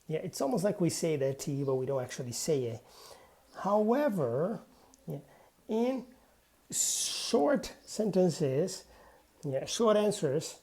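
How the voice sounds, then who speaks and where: Slow, deliberate woman teaching English. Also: on the low side, mellow. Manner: deliberate, models example sentences aloud, frequent "yeah". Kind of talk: spoken grammar lesson.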